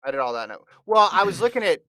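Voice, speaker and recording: A man's voice: high-pitched, big pitch swings, fast talker, sharp tone, dry recording. A man hosting a casual sports chat, running a fantasy draft in a chatty, teasing way and reading out lists of picks.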